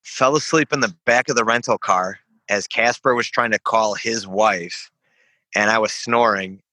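A man's voice: lowish voice, moderate pace, pushed and bright, dry recording. Swearing young man telling a story. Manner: rambling, laughing, swears freely. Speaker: podcast guest, veteran. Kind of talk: casual storytelling.

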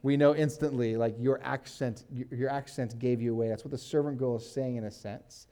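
A man pastor teaching a sermon in a relaxed, conversational way, reading scripture aloud and often saying "like". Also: mid-range voice, a little fast. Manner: casual, uses "like" and fillers, reads scripture aloud.

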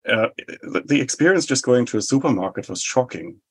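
A man in his forties with a New Zealand accent, explaining his views in a measured way in an interview. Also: medium pitch, expressive, slightly rough. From Germany. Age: 40s. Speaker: think tank head. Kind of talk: interview answers.

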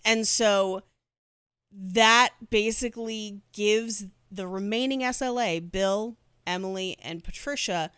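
A woman's voice: mid-range voice, slow pace, fairly bright tone, clean tone, no echo, studio quality. A woman hosting a podcast who tells a true crime story in a casual, chatty way. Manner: laughs while telling the story.

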